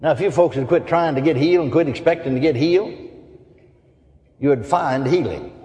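A man's voice: fairly high pitch, a little fast, long pauses, mellow. A man preaching a sermon, telling folksy stories, chuckling often and asking the crowd for amens. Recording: long hall reverb.

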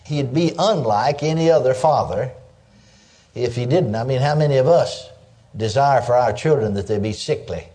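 An older man preaching a sermon in a folksy, animated way, dropping in frequent exclamations of praise. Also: medium pitch, moderate pace.

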